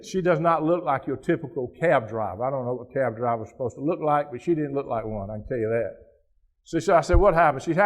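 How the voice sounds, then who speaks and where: A man giving a keynote speech, telling a personal story in a folksy, conversational way with frequent restarts. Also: fairly high pitch. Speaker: keynote speaker.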